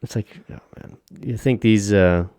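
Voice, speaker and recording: A man's voice: fairly low pitch, moderate pace, mellow, smooth, dry recording, studio quality. A man co-hosting a casual podcast, ranting with lots of profanity and frequent laughter. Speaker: podcast co-host.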